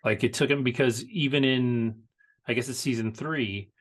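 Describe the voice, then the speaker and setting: A man co-hosting a casual pop-culture podcast, talking in a halting, laid-back way. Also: medium pitch, fairly even intonation. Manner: halting, lots of fillers and restarts, laid-back. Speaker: podcast co-host.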